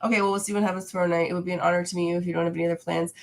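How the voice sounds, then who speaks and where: A young woman with a slightly low voice, stuffy and nasal from a lingering cold. She chats frankly and casually from home while hosting a livestream, reading out viewer questions and answering them as she goes. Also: level tone, racing, creaky. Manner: frank, chatty, reads viewer comments aloud. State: congested, nasal from a recent cold.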